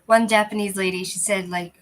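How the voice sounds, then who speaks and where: The audio is poor because this woman is chatting with livestream viewers through a cheap, lousy mic. She has a medium pitch and a steady, slightly bright tone, and talks briskly. As host, she rambles along casually and often restarts her thoughts.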